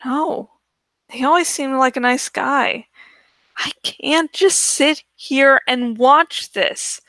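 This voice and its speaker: A woman voicing an earnest teenage boy who speaks in an urgent, hushed whisper. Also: high voice, slow, no echo. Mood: worried.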